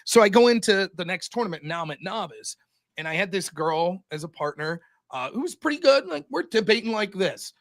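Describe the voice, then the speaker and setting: Fast-talking, high-voiced profane man. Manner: profane, animated storytelling. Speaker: podcast host and debater. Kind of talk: casual podcast chat.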